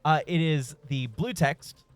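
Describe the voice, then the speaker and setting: A man's voice: on the high side, a little slow, clean tone, soft background music. A man streaming a game, rambling through a story in casual, profane chat with frequent chuckles. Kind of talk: casual storytelling while gaming.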